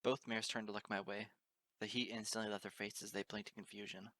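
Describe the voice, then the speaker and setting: A man's voice: lowish voice, flat delivery, a little fast, fairly bright tone. A man reading a fan story aloud as narrator, in plain storytelling. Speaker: reader. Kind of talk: amateur audiobook narration.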